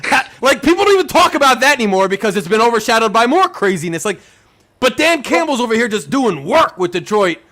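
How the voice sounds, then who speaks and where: A young man hosting a sports podcast, ranting in excited fan chat full of rhetorical questions and "like". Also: extremely high pitch, quick pace. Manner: animated, ranting, rhetorical questions, says "like" a lot. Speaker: podcast host.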